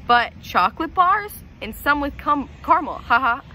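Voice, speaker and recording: Big male truck driver, easygoing, laughing, bright voice, storybook, woman reading. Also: fairly high pitch, animated, fairly quick, a little hiss or hum, poor audio. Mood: amused.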